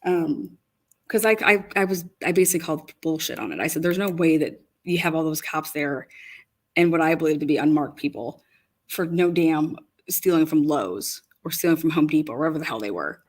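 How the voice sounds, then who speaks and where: A woman's voice: low-pitched, normal speed, a little mellow. A woman giving casual, rambling commentary over video footage, telling an incredulous story with frequent swearing.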